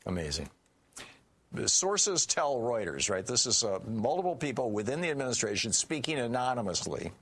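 A man's voice: mid-range voice, big pitch swings, moderate pace, a bit bright, slightly rough. A man doing solo political commentary, reading news quotes aloud with indignant, sarcastic asides and many fillers.

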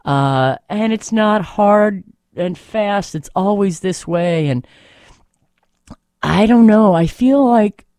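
Rambling woman radio host, lively pitch. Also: slow, dry recording, clean studio sound. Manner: meandering, musing, many fillers and restarts. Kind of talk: rambling solo radio monologue. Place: radio studio.

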